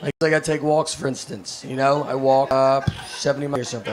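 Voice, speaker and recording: Stand-up: middle-aged man, mid pitch, rambling deadpan storyteller, live stage recording with clear noise. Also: fast. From United States. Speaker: stand-up comedian. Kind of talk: stand-up comedy set. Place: stage before a laughing audience.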